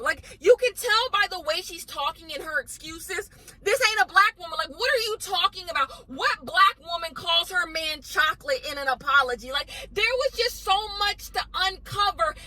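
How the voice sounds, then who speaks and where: A woman's voice: very high voice, bright, forceful tone, rough recording. A woman giving a blunt, emphatic ranting commentary as the host of her own vlog, hammering points home by repeating them. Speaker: commentary vlogger.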